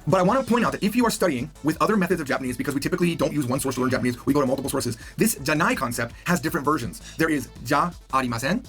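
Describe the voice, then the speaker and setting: A man teaching a video language lesson, animated and jokey, acting out example lines as he explains. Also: a little high, racing, hardly any pauses, faint music behind.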